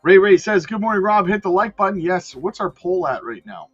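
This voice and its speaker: A man hosts a live crypto stream with loud, slangy energy, calling out viewers by name. His voice sits a little high, and the sound is dry and slightly dull. Soft music plays underneath. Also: expressive, a little fast, slightly rough. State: out of breath. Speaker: crypto livestream host. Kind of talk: casual live-stream chat.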